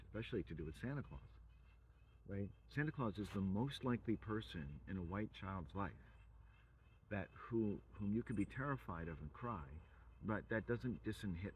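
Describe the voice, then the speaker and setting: A man's voice: low voice, phone-quality sound, a little hiss or hum. A man from England, rambling through a profane, provocative monologue full of wordplay.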